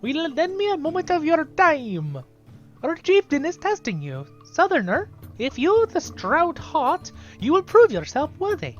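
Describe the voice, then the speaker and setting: A man's voice: very high voice, wildly swooping pitch, a little slow, dull audio, soft background music, voice pushed up, exaggerated voice. A man voicing a proud young woman hunter in a game, reading her lines in a stern, warning tone.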